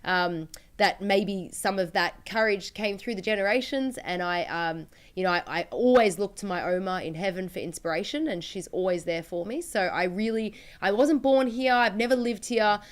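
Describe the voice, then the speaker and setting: A woman's voice: medium pitch, moderate pace, few pauses. A woman co-hosting a livestream chat, talking earnestly and laughing easily. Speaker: co-host.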